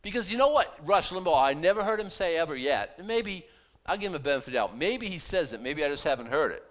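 A pastor preaching a sermon in a conversational, animated way, full of rhetorical questions. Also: male voice, on the high side, fast.

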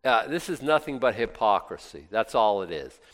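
A man preaching a sermon, reading scripture aloud and breaking into lively, sarcastic asides. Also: on the low side, normal speed. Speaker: pastor. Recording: long hall reverb.

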